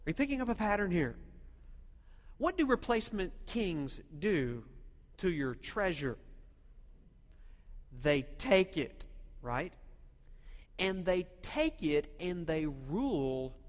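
A man preaches in a fairly high voice, leaning hard on key words and throwing rhetorical questions at his listeners. His voice carries a long reverberant tail from a big hall. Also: expressive, slow pace, long pauses. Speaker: pastor. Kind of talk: sermon.

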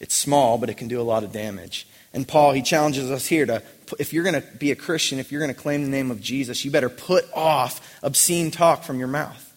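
A man's voice: mid-range voice, fairly quick, hardly any pauses, big-room sound. A man preaching a sermon as pastor. He presses his listeners with earnest rhetorical questions.

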